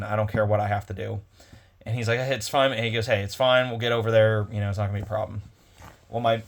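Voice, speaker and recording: A man casually retelling a convention story on his vlog, rambling with many restarts. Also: lowish voice. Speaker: comic collector vlogger.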